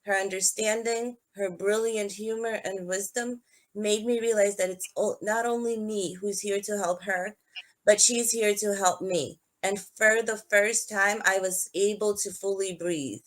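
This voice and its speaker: Speaking a little slowly with fairly even intonation, this mid-range woman from Georgia hosts a live-streamed podcast chat. She tells personal stories in an earnest, conversational way.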